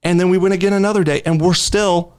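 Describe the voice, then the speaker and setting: A young man co-hosting a podcast in casual chat, sarcastic and animated, often mimicking his commenters. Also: sits high, quick pace, clean tone. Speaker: podcast co-host.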